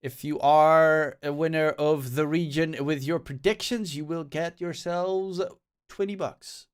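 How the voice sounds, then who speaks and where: A man's voice: fairly high pitch, steady tone, measured pace, clean tone. A man hosting a co-stream, chatting loosely and plugging a giveaway to viewers. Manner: loose, joking, promotional asides. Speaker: co-stream host. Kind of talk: casual streamer chat.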